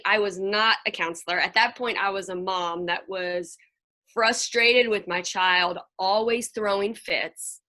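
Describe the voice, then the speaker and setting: A woman's voice: on the high side, sharp tone. A middle-aged woman counselor and play therapist speaking to a moms' group over a video call, chatty and folksy, sometimes acting out children's voices.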